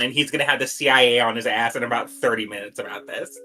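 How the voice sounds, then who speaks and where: Bright-toned joking player. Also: female voice, rumbling low, fast talker, soft background music. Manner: joking, playful asides. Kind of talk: casual chat.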